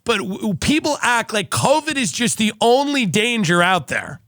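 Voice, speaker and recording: A man's voice: high voice, very animated, moderate pace, bright, forceful tone, no echo, studio quality. A man hosting a comedic podcast, telling stories in a sarcastic, riffing way with frequent laughs. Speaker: podcast host.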